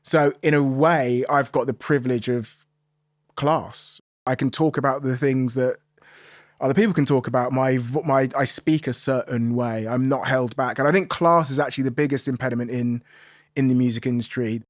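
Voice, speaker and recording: A man from Kent, guesting on an interview about the music industry. He speaks in a measured, thoughtful and emphatic way. His voice sounds dry and close, with no room around it. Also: mid-range voice, steady tone, no room sound. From Tunbridge Wells, Kent, England. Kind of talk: conversational interview answers.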